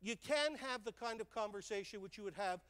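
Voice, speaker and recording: An older man giving a stage talk, telling lively stories and checking in with the audience with "right?" and "okay?". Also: sits high, brisk, clean tone, long reverb tail. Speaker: speaker. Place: large hall on stage.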